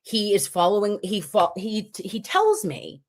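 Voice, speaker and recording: A woman in her forties hosting a casual livestream, chatty and animated, acting out the things people said to her. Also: mid-range voice, measured pace. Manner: animated, chatty, acts out quotes. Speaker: livestream host.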